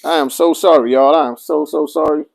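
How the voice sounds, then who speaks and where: A man's voice: on the high side, fairly even intonation, a little fast, creaky, poor audio. Chatty livestream seller, a man, answering comments while he demos gear. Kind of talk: casual product demo livestream.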